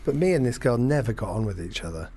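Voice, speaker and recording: A man in his thirties tells a long anecdote in an easy, rambling way. He keeps restarting his sentences and pokes fun at himself. His voice sits in an ordinary middle pitch. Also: big pitch swings, fast, warm tone, a little hiss or hum. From England. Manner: rambling, self-deprecating, many fillers and restarts. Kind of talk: casual chat, anecdote.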